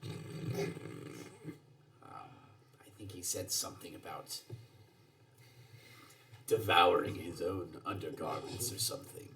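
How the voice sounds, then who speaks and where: A man's voice: low-pitched, takes it slowly, long pauses, a bit bright. A man playing a tabletop game who tells a story in character in a rambling, hesitant way. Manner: rambling and hesitant, full of restarts. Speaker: player.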